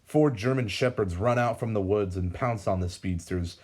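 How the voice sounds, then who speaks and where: A young man narrating a fan-made episode script in a steady, even delivery. His voice sits on the low side, and he reads without hurry. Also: moderate pace. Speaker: fan writer and reader. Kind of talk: reading a fan-written episode script aloud.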